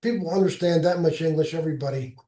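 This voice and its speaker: A man giving an informal slide presentation as a presenter, explaining in a halting, plainspoken way. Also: fairly high pitch, warm tone, distant mic. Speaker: presenter giving a travel talk. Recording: echoey room sound.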